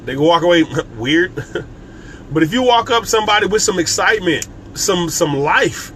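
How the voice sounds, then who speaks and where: In a live-streamed motivational talk, a man coaches on business, speaking casually and straight to viewers in an emphatic, repetitive way with frequent restarts. His high-sitting voice has lively intonation and a fairly bright tone at normal speed, with a little hiss or hum.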